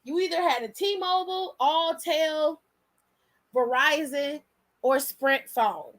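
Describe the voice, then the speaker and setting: Young woman spinning a story, blunt and cussing a lot, high bright voice, super animated. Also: takes it slowly. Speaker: host. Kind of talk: casual storytelling.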